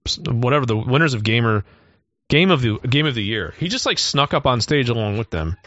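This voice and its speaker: A man hosting a podcast, chatting and joking in an animated way. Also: medium pitch, a little fast, no room sound, highs cut off. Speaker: podcast host. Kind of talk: casual chat.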